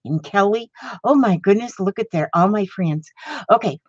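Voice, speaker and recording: A woman's voice: mid-range voice, moderate pace, dry recording. An older woman hosting a livestream from home, chatting in a rambling, easily delighted way and greeting viewers with little exclamations. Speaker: livestream host. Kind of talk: rambling casual chat. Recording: dull lo-fi dry sound.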